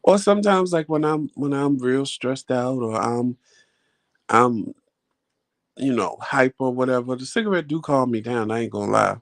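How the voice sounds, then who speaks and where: A man's voice: medium pitch, normal speed, creaky. A man hosting a vlog, chatting casually and telling stories in a loose, colloquial way, talking straight to his viewers. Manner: animated storyteller, acts out quoted talk. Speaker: vlog host. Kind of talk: casual chat.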